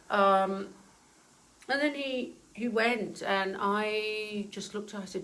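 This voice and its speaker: A woman's voice: medium pitch, measured pace, fairly bright tone, a little hiss or hum, poor audio. Brief: earnest woman medium, casual storytelling, hesitant and emotional. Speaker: spiritual medium.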